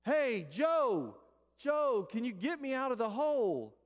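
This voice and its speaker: A man voicing a desperate man stuck in a hole, shouting up and pleading for help, with a long hall reverb behind the voice. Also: very high-pitched, sing-song, slow pace, pitched above the performer's own voice, full character voice.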